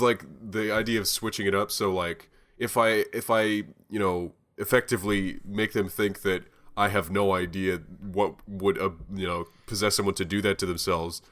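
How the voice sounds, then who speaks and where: A young man co-hosting a podcast, telling a story in a rambling, animated way with plenty of swearing. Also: sits low. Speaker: podcast co-host. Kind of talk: casual chat.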